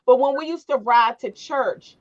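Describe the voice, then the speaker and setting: A middle-aged woman talking casually and warmly about her family, like a mother reminiscing. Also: sits high, normal speed. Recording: slightly dull, lo-fi sound.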